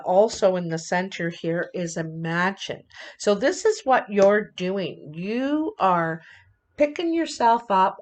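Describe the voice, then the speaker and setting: A woman giving a casual tarot reading in an unhurried, rambling way. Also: mid-range voice. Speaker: tarot reader.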